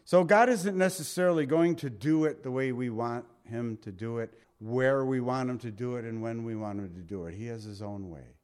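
A man preaching a sermon, swinging between loud emphatic lines and hushed soft ones. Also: medium pitch, normal speed, few pauses, clear, resonant tone. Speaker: pastor.

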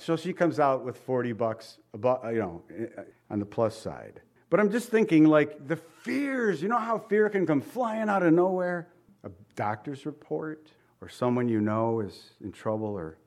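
A man preaching a sermon, reading scripture aloud between animated, laughing asides to his congregation. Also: medium pitch, normal speed. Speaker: pastor.

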